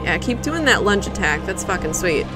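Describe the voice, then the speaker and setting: A woman's voice: lowish voice, very animated, moderate pace, over music. A woman streamer giving live gameplay commentary, profane and exclaiming, talking back at a boss.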